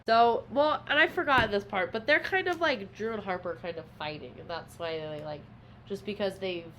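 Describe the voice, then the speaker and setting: A woman's voice: medium pitch, moderate pace, a bit bright, a little hiss or hum. A woman co-hosting a podcast, retelling a book's plot in casual chat with lots of filler words. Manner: rambling retelling with many fillers. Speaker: podcast co-host.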